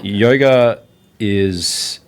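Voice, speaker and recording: An Australian man being interviewed in a relaxed, rambling way with many fillers and frequent laughs. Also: fairly low pitch, drawn-out words, clean tone. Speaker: interview guest. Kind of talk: casual interview chat. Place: indoors in India.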